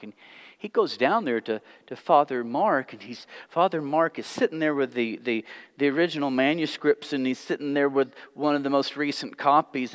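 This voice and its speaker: A man's voice: mid-range voice, measured pace. A man teaching a church class, telling a joke, then posing rhetorical questions in a conversational way with frequent restarts. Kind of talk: sermon-style teaching with a joke. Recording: long hall reverb.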